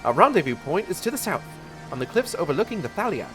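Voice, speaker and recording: Wedge, a man doing an urgent young guy engineer with a pitched-up, bouncy voice that runs fast and loud, game dialogue read aloud. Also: sing-song, music in the background.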